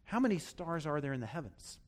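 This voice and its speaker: A man preaching a sermon, animated, acting out quoted voices and dropping to hushed tones for emphasis. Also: a little high, brisk. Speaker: pastor.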